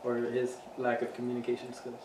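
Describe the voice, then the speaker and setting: A man's voice: mid-range voice, fairly quick. A man co-hosting a podcast, chatting casually with lots of swearing and laughter. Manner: profane, laughing, animated banter. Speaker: podcast co-host. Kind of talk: casual chat. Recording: echoey room, mic at a distance, faint hiss.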